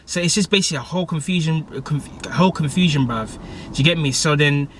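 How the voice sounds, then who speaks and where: A man's voice: on the high side, fast talker, slight background noise. A young man, recapping a TV episode in casual, rambling slang. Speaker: TV episode reviewer.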